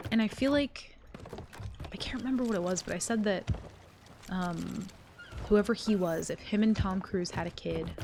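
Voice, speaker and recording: A young woman streamer in casual live-stream chat, rambling, swearing freely and getting animated as she talks. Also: lowish voice, vocal fry, slight background noise.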